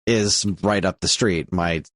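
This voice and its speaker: A man's voice: deep voice, unhurried, fairly bright tone, no echo. A man co-hosting a podcast, telling a rambling story full of swearing and restarts, with a sore mouth. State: sore mouth while talking. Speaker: podcast co-host. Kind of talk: casual chat.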